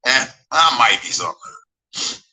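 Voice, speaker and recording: A man's voice: mid-range voice, sing-song, takes it slowly, sharp tone, breathy edge, poor audio. A man in his forties giving a rambling livestream monologue, emphatic and digressive, repeating himself and often asking the viewers if they follow him while reading their chat comments. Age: 40s. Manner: emphatic, digressive, repeats phrases, asks for agreement.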